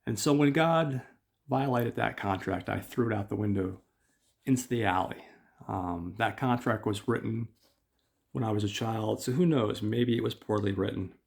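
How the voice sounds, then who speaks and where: Earnest older rich man, formal phrasing, gravelly, a man doing the voice. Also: on the low side, normal speed. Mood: persuading. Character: older wealthy man, bitter then hopeful.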